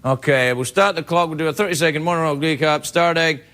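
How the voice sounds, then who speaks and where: A man hosting a late-night talk show, cracking quick jokes and playful asides to a studio audience. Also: fairly high pitch, fairly bright tone. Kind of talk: comedy monologue banter. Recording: studio audience laughter and noise.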